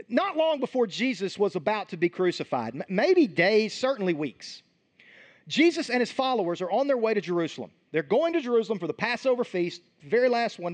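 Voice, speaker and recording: A male pastor giving a sermon in a conversational way, acting out Bible scenes as he tells them. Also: high voice.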